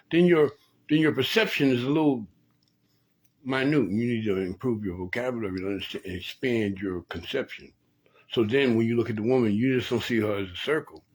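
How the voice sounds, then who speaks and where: A male late-night host with a husky, mid-range voice, captured on poor-quality audio, lectures listeners preachily about relationships. His phrases often get repeated or started over.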